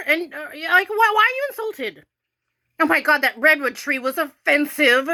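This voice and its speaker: A woman's voice: sits high, expressive, moderate pace, sharp tone. An American woman ranting casually to her viewers, irritated and rambling, with lots of "like" fillers. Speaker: vlogger.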